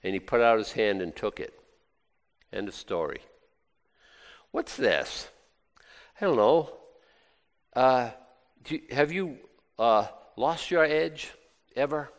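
A man's voice: medium pitch, animated, slow, long pauses. A man preaching a conversational sermon in a folksy, rambling way, full of asides and restarts. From United States. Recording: long reverb of a hall.

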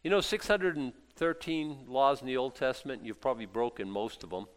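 A man preaching a sermon as a pastor, folksy and jokey, dropping to quiet asides and then rising to loud, excited exclaims. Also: brisk. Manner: animated, swinging from low asides to loud exclaims; folksy, jokey Bible teaching.

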